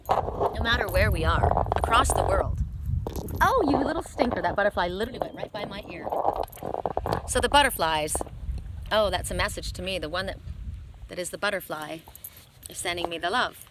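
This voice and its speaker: A woman reads oracle cards beside a lake, her voice gentle and chatty as she drifts into little asides. She talks into a phone camera outdoors. Outdoor ambience and passing traffic sit clearly behind her. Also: mid-range voice, lively intonation, a little fast. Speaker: oracle card reader. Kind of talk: outdoor card reading vlog.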